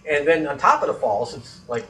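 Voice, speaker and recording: A man chatting casually and telling a story with big swings in his voice, cursing and laughing. His voice is a little high for a man. He sits back from the microphone, so he sounds distant. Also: fairly quick, roomy sound. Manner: animated, swearing, laughing storyteller. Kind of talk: casual chat. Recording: voice distant from the mic.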